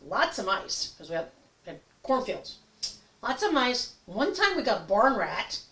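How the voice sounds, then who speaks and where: A woman's voice: a little high, sing-song, unhurried, fairly bright tone. An older woman chatting in a rambling comic monologue, acting out little voices as she goes. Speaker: comedy vlogger. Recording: echoey room, a bit far from mic.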